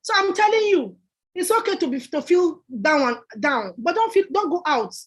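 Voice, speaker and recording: Lady giving a pep talk, high voice, hammers the same point over and over. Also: sing-song, moderate pace. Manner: emphatic and repetitive, preacherly. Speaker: guest entrepreneur. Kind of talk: motivational talk.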